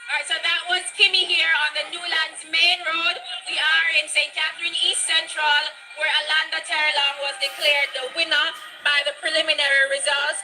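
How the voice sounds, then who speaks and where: A woman with a Jamaican accent reporting live for a news broadcast from a street, raising her voice and keeping a measured delivery. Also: high-pitched, flat delivery, low-quality recording. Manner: raised voice over crowd noise, measured delivery. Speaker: field reporter. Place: outdoors on a busy street with celebrating crowds. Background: crowd cheering and music.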